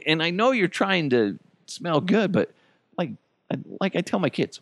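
A man's voice: sits high, very animated, unhurried, no room sound. A middle-aged man hosting a podcast, ranting casually about everyday annoyances, swearing freely and chuckling as he goes. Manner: profane, chuckling, exasperated venting. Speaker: podcast host.

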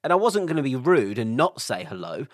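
A man's voice: mid-range voice, very animated, a little fast, no echo. Brief: male co-host, mid-range voice, dry close sound, wry banter. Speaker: podcast co-host. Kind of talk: casual chat.

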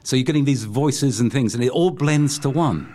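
A man's voice: medium pitch, moderate pace, warm tone. Cheeky London-accented man telling stories. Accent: London English. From England. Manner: cheeky, self-deprecating storyteller. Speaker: guest. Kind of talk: casual interview chat.

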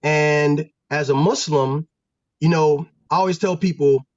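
A man from Pennsylvania, a former football player and guest, telling stories in a casual, animated, slangy way with lots of restarts. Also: fairly high pitch, unhurried, dry recording, highs cut off. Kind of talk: casual storytelling.

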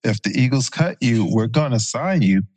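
A man's voice: medium pitch, moderate pace. A man in his forties, a former pro football player, casually telling a story as a podcast guest with plenty of fillers and self-corrections. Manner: relaxed anecdotal retelling with fillers and self-corrections.

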